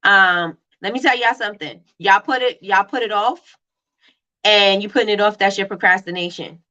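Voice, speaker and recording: Fast-talking woman hosting a lo-fi livestream. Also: medium pitch. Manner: fast-talking, animated, reads out viewer comments. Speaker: livestream host. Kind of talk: casual live-stream chat.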